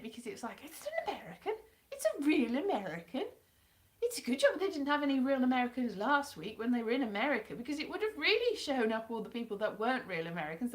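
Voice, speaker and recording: A woman from South Wales, chatting casually and self-deprecatingly on a live stream. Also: fairly high pitch.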